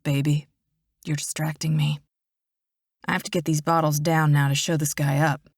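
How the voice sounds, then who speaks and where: A woman voicing a dominant, possessive young biker boyfriend who talks in a quick growl. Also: deep voice, level tone, dry recording, studio quality. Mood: teasing.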